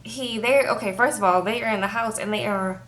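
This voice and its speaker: A woman's voice: mid-range voice, brisk, a bit bright, slight background noise. Chatty young woman recapping a show. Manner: chatty, frequent "okay?" and "like" fillers. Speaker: TV show reviewer. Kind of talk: casual recap vlog.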